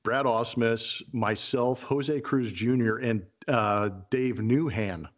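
A man's voice: medium pitch, slow. A man who used to play pro baseball, co-hosting a podcast and telling dugout stories in easygoing casual chat. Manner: relaxed, laughs easily, shouts out the manager's lines. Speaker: former baseball player, podcast co-host. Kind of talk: casual sports storytelling.

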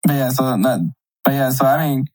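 A podcast co-host in easygoing conversation. The voice stays flat with little pitch movement, in a middling register. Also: brisk, soft background music, rough recording. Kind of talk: casual chat.

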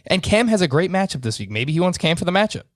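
A man co-hosting a casual podcast, giving quick matter-of-fact opinions. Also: high voice, big pitch swings, dry recording, clean studio sound. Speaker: podcast co-host.

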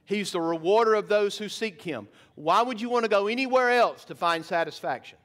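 A man's voice: high-pitched, brisk, fairly bright tone. A man preaching a sermon in church, emphatic, asking the congregation rhetorical questions. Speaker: pastor. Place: church sanctuary.

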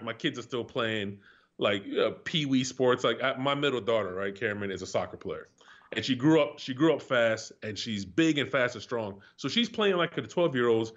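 Man, 40s, ex-athlete guest, rowdy profane storyteller, mid-pitch voice on a dull, lo-fi line. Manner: animated, profane, laughs through stories. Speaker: guest, retired pro athlete. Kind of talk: casual storytelling chat. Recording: slightly dull lo-fi sound.

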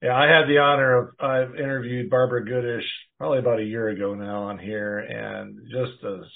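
A man hosting a casual interview, chatty and quick to chime in with agreement. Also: mid-range voice, little pitch movement, creaky. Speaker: interview host. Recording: tinny phone line.

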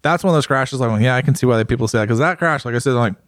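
Co-host, male, easygoing rambler, fillers and restarts, medium pitch, dry close sound. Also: rapid-fire, dry recording. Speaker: podcast co-host, motorcycle rider. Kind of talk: casual chat.

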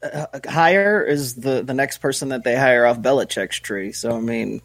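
A man's voice: medium pitch, normal speed, dry recording. A man co-hosting a casual sports podcast, ranting sarcastically and acting out quotes. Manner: ranting, sarcastic, animated quoting. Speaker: podcast co-host.

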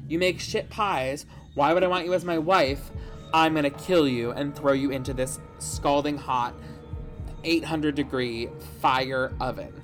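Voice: mid-range voice, steady tone, unhurried, faint music behind, lightly acted. A host doing a blunt, vengeful barber.

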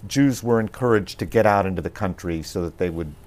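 A man being interviewed on a podcast, talking in a thoughtful, measured way with frequent pauses and restarts. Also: low voice, darkish tone.

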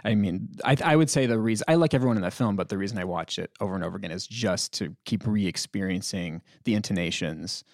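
A man's voice: on the low side, fast talker, hardly any pauses, a little mellow, no room sound, studio quality. A man discussing films in casual conversation, thoughtful and often restarting as he searches for words.

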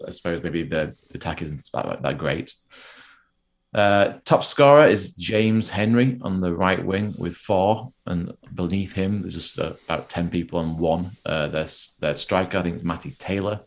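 A man talks football in a loose, chatty way. He pokes fun at himself and laughs easily between his points. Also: low voice. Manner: chatty, self-deprecating, laughs often. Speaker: podcast co-host. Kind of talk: casual football podcast chat.

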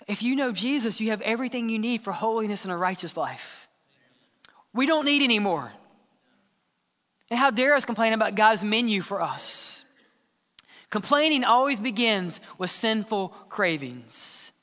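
A man preaching a sermon as the church's pastor, earnest, sometimes dropping to a hushed tone to press a point. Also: high voice, animated, moderate pace. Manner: earnest preaching, drops to hushed tones for emphasis. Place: church sanctuary. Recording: long church hall reverb.

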